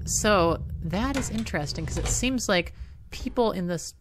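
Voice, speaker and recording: A woman's voice: mid-range voice, animated, moderate pace, a little hiss or hum. A woman playing a horror video game and commenting casually, easily startled, laughing nervously and repeating herself. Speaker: let's-play gamer.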